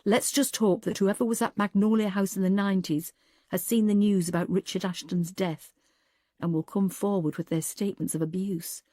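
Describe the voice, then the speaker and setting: A weary woman detective speaks earnestly with a wry, tired edge, as a woman narrator voices her. The voice is warm and mellow, recorded close and dry. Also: medium pitch, fairly even intonation, moderate pace, dry recording, natural voice. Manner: earnest, wry and a little tearful.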